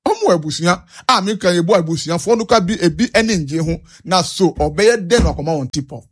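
A Ghanaian man speaks in a high, earnest voice. He presses his points and repeats them as he moves between Twi and English. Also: lively intonation, brisk, husky. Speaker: interviewee. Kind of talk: street interview on national issues.

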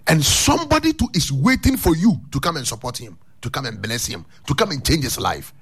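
Husky high-voiced preacher. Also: male voice, very animated, fairly quick, a bit bright. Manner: preaching, mixing languages, chanting lines for echo. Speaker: radio pastor. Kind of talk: radio sermon with call and response.

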